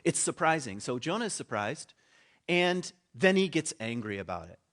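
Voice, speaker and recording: This man's medium-pitched, fairly bright voice swings widely in pitch at a normal speed. He's a pastor giving a conversational sermon, voicing the characters in his story and lowering his voice for asides.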